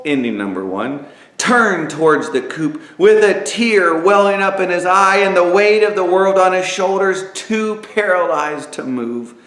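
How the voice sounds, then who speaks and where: A man narrating an inspirational story aloud, dramatic and lively, with spoken sound effects. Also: on the high side. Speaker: author and narrator. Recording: echoey room.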